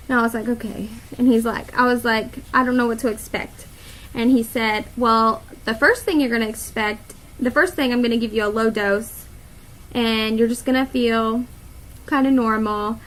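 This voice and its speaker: A woman's voice: a little high, fairly even intonation, normal speed, rough recording. A young woman telling a story to the camera in a casual vlog, chatty, with many fillers and laughs. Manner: chatty, many fillers and quoted inner thoughts, laughs often. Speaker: vlogger.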